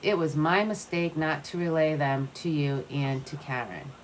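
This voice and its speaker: A woman voicing an older grandmother who speaks calmly, gently and in a measured way. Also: low-pitched, a little hiss or hum, natural voice, rough recording. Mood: gentle.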